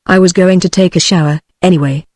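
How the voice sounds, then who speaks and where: A British-accented synthetic female voice reading the lines of a flustered naked gentleman hiding in a closet. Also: fairly low pitch, steady tone, a little fast, dry recording, studio quality, close to an everyday voice. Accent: British English.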